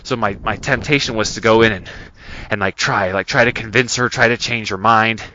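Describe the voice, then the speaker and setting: A man's voice: lowish voice, steady tone, fairly quick, pushed and bright, no echo. A man hosting a podcast, telling a personal story in an earnest, casual way with many restarts. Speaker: podcast host. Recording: dull lo-fi recording.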